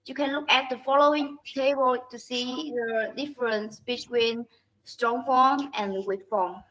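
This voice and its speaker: A woman student reading a class presentation on pronunciation, slowly and carefully going through word lists. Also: on the high side, fairly bright tone. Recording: dull lo-fi recording.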